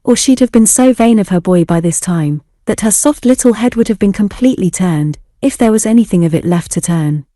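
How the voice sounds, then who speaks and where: A firm, decisive elderly aunt who lays down the law, voiced by a woman narrator. She speaks emphatically in a mellow, dark tone. The storybook reading is recorded dry, with no room sound. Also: mid-range voice, animated, brisk, few pauses, dry recording, natural voice. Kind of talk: audiobook reading.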